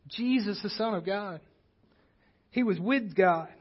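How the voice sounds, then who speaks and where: A high-pitched male pastor delivers an earnest sermon. His voice climbs in force when he drives a point home. The sound is dull and lo-fi, like a church livestream. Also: takes it slowly, husky. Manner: earnest preaching, rising intensity on key points.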